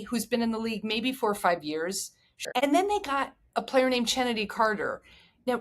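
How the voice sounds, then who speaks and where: A middle-aged woman hosting a solo sports podcast, talking with excitement and drifting into emotional tangents. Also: a little high. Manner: enthusiastic, digressive, emotional. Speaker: podcast host.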